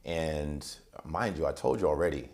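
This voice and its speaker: A man's voice: a bass voice, moderate pace, darkish tone. A man, a transition coach and interview guest, tells a personal story in a vivid way and acts out the voices of the people in it. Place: TV interview set.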